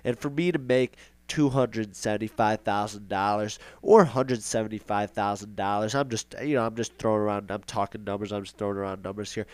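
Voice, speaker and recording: A young man hosts a podcast in a loose, rambling monologue, circling back with sarcastic repetition. His voice sits low and resonant. The recording is dry and close. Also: fairly even intonation, brisk, hardly any pauses, clear, resonant tone, dry recording. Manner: rambling, sarcastic, repeats himself for effect. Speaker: podcast host. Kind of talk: casual monologue.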